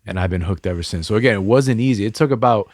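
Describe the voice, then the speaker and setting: Supportive male podcast host, low voice. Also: quick pace, a little mellow, dry recording, clean studio sound. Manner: supportive, encouraging, personal. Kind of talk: casual interview chat.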